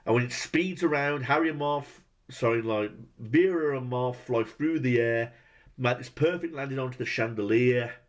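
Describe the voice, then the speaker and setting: A man's voice: mid-range voice, normal speed. A man ranting through a movie review, exasperated and swearing heavily, firing off rhetorical questions.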